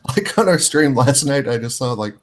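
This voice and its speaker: A man's voice: medium pitch, lively intonation, moderate pace. A man in a casual gaming chat, loose and laughing, swearing offhandedly.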